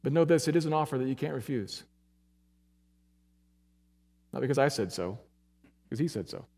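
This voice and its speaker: A man preaching a sermon, earnest and emphatic, moving between loud urging passages and quiet, low ones. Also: animated, moderate pace, gravelly. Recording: long hall reverb.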